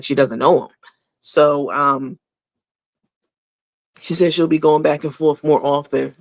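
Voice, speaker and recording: Woman host for a celebrity gossip rundown, blunt and candid, lots of fillers, gravelly edge, dry close sound. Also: sits low, dry recording. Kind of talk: casual celebrity gossip commentary.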